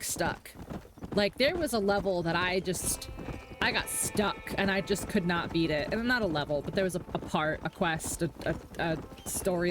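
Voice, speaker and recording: Woman, streamer, casual gaming chat, rambling, swears, faint noise. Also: fairly low pitch. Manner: chatty, rambling, swears freely.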